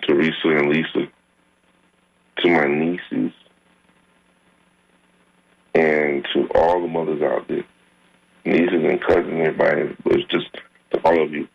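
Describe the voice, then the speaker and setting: A middle-aged man hosts a radio talk show, speaking in a heartfelt, chatty way. His voice sits extremely low with a gravelly fry to it. The sound is slightly dull and muffled, as broadcast radio can be. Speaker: radio host. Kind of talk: casual radio chat.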